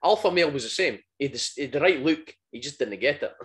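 A man hosting a casual chat, asking relaxed questions and dropping in short agreements. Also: a little high, fast talker.

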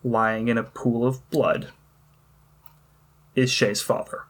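A man running a tabletop game as game master, narrating scenes in a measured, descriptive way. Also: medium pitch, little pitch movement. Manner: measured descriptive storytelling with occasional fillers.

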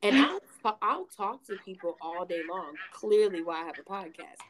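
A woman's voice: on the low side, lively intonation, normal speed, slight background noise. A woman hosting a podcast, telling candid stories in casual chat and swearing freely. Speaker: podcast host.

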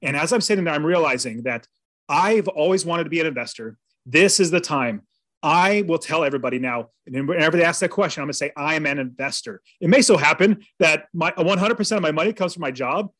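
A man's voice: on the high side, expressive, fast talker, a bit bright, no echo. A man telling a personal story as a podcast guest, in an earnest, vivid way.

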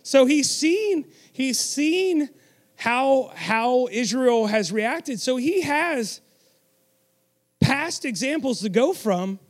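Male preacher, high-pitched, emphatic, draws the congregation in to repeat lines. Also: lively intonation, slow. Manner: emphatic, with audience call-and-response and self-deprecating asides. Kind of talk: sermon.

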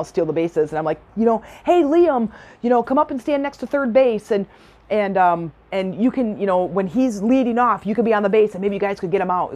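A woman's voice: on the low side, a little mellow. A middle-aged woman giving a chatty, enthusiastic personal-development talk, telling stories and laughing often. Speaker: self-help speaker.

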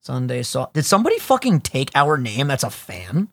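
A young man co-hosting a podcast in casual chat, animated and swearing freely, often slipping into voices. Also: medium pitch, normal speed, creaky, dry recording, clean studio sound. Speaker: podcast co-host.

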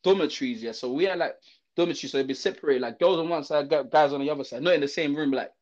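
A young man from Zimbabwe, speaking, tells a story in a loose, casual chat. His voice sits high, and his talk is animated and slangy, packed with fillers and restarts. The audio is dull and lo-fi. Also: racing.

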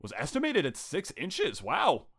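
A man's voice: a little high, huge pitch swings, measured pace, fairly bright tone, slightly rough. A man co-hosting a casual podcast, swearing and joking as he reads search results aloud. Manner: crude, joking, exclaims while reading search results. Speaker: podcast co-host.

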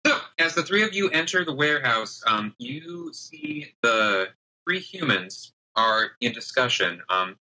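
A male game master narrates a tabletop game, pausing often and filling the gaps with ums and uhs. His voice is very bright and forceful. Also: mid-range voice, very animated, rough recording. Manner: halting, many fillers.

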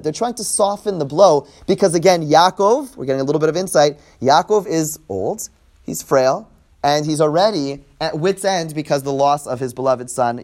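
During a classroom Torah lesson, a middle-aged man reads Hebrew verses aloud, translating and explaining as he goes and often repeating words while he thinks. His voice is on the high side and darkish in tone.

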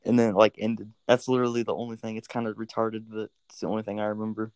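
A man's voice: lowish voice, little pitch movement, fast talker, darkish tone, dry recording. A man chatting casually as a podcast guest, telling stories loosely with lots of fillers. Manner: loose, filler-heavy storytelling. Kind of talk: casual chat.

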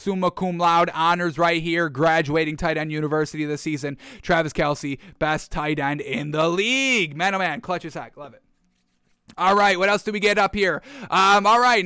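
A man hosting a sports talk show, excitable, ranting and repeating himself in casual commentary. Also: high-pitched, clear, resonant tone, dry recording, clean studio sound.

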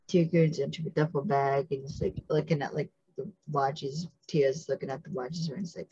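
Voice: mid-range voice, fairly even intonation, normal speed, hardly any pauses, dark tone, husky, dry recording, highs cut off. A podcast host giving a casual, chatty recap of a TV episode, full of fillers and acted-out quotes.

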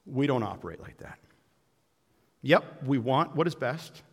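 A male pastor preaching a sermon and closing in prayer, earnest and emphatic, dropping to a hush and then building to loud declarations. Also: mid-range voice, expressive, measured pace, breathy edge. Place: church sanctuary. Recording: long hall reverb from a church room.

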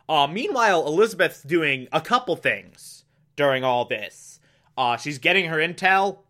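A man giving a casual, animated recap of a TV episode, with frequent exclamations. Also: fairly high pitch. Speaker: show recapper.

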